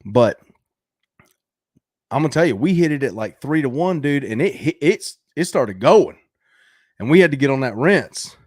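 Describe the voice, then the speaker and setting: A man's voice: mid-range voice, animated, normal speed, long pauses, darkish tone, no room sound, studio quality. A man hosting a casual livestream, reacting to viewer videos in a brash, coaching way, swearing casually and laughing often.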